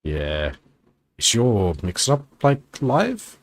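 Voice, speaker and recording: A man's voice: medium pitch, wildly swooping pitch, extremely slow, no room sound. A man guesting on a stream, chatting casually in a rambling way, full of fillers and giggles. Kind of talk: casual chat.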